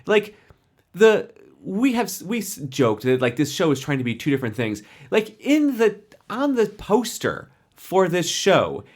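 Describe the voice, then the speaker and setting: A man's voice: sits high, sing-song, unhurried. A young adult man co-hosting a podcast, animatedly retelling a TV episode and acting out the characters' lines. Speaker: podcast co-host. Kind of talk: casual chat recapping a TV episode.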